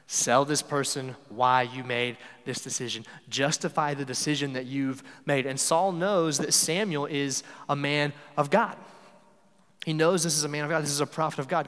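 A man's voice: a little high, fairly bright tone, big-room sound. A man preaching a sermon in a conversational way, often acting out the lines he quotes.

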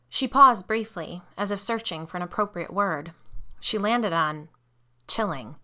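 Bright-voiced woman narrating a horror story. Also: mid-range voice, lively intonation, measured pace.

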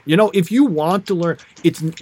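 A man's voice: on the high side, fairly quick, darkish tone, breathy edge. A young man chatting casually as a podcast co-host, rambling with many fillers, restarts and trailing thoughts. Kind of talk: casual chat.

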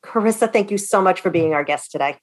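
A woman hosting a podcast, asking her guest questions in a measured way. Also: fairly low pitch. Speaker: podcast host. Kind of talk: interview questions.

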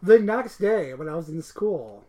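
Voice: mid-range voice, big pitch swings, a little slow, warm tone. A podcast co-host in their forties from Buffalo, New York, talking in a rambling, casual way with many fillers. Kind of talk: casual chat.

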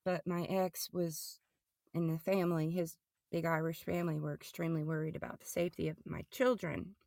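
A middle-aged woman telling her personal testimony as a podcast guest, halting and often restarting or repeating words. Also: deep voice, flat delivery, creaky, mellow, dry recording, clean studio sound.

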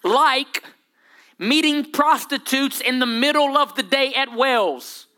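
Male pastor, bright forceful tone, playful energetic sermon delivery. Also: very high voice, slow, smooth. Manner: lively preaching with humor and dramatic voice drops.

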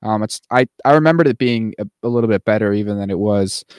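Speaking quickly in a lowish, mellow, clear and resonant voice, a podcast co-host rambles through casual chat full of fillers. Along the way he puts on playful mock voices, recorded dry and close without any room echo.

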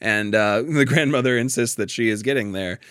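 A man's voice: medium pitch, moderate pace, a bit bright, clear, resonant tone, dry recording, studio quality. A man in a casual, thoughtful discussion of a play, often restarting his sentences and laughing lightly.

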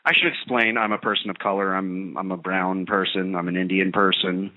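A man's voice: sits low, flat delivery, a little fast, few pauses. A man hosting a radio talk show, telling a story in a sarcastic, ranting comedic monologue. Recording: tinny phone-like radio line.

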